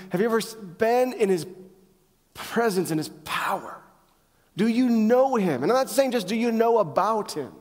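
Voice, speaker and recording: A male pastor preaching a sermon to a congregation, driving points home with rhetorical questions and emphatic pauses. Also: sits high, darkish tone. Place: church sanctuary. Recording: long hall reverb.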